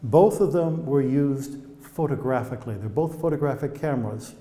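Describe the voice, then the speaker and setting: Guy giving a tour of old telescopes, mellow voice, long echo in the dome. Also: mid-range voice, normal speed. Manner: chatty, anecdotal storyteller. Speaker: observatory guide. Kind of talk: guided tour explanation. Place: inside old observatory domes.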